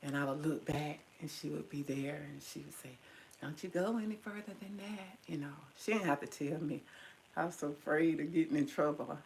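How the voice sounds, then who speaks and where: A middle-aged woman tells personal memories straight to her viewers, calling them y'all. Her voice sits low with a gravelly fry, tender and at times teary-eyed. A faint hum of room noise runs underneath. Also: level tone, a little fast, low-quality recording. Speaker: vlogger.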